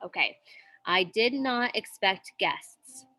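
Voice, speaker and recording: A woman teacher walking students through a worksheet, often checking in with "okay?" and slowing down to read example sentences. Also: mid-range voice, animated, sharp tone. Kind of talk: recorded worksheet walkthrough.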